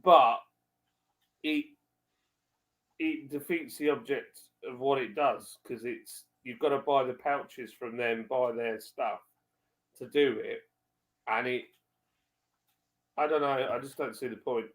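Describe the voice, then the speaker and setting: A man hosting a casual live-stream chat, talking in animated banter. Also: mid-range voice, takes it slowly, long pauses.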